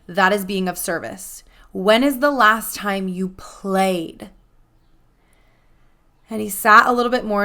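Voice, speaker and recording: A young adult woman hosting a podcast, telling a personal story in a casual, animated way and acting out the dialogue with lots of "like.". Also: medium pitch. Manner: animated, acts out quoted dialogue, frequent "like". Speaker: podcast host.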